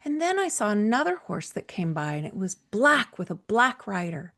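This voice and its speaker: A woman voicing a polite, earnest young girl heroine in a gentle, respectful way while telling a fairytale. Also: medium pitch, sing-song, moderate pace. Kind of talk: storytelling.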